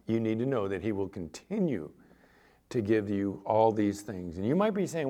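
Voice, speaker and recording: A man's voice: fairly low pitch, very animated, moderate pace, mellow. A man preaching as pastor, reading scripture aloud with rising emphasis and acting out little voices. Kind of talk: sermon.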